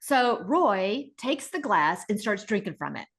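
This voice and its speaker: A middle-aged woman co-hosting a casual podcast, retelling stories in an animated way and acting out the people in them. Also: mid-range voice, measured pace. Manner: animated retelling with acted-out voices. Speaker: podcast co-host.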